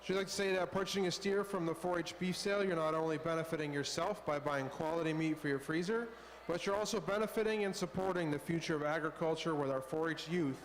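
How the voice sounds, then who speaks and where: A man reading out exhibitor introductions at a livestock sale in a measured, formal announcing style. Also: on the high side, in a large hall, a little hiss or hum, rough recording. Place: indoor livestock show arena over PA.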